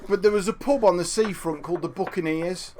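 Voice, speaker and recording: A man's voice: sits high, a little fast, darkish tone, slight background noise. A man telling rambling funny anecdotes in comedic banter.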